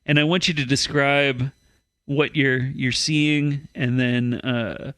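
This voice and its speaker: Bright-voiced man presenting mock news. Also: mid-range voice, fairly even intonation, no room sound. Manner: steering the segment, slightly halting. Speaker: podcast host presenting news stories. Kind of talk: mock news reading and casual chat.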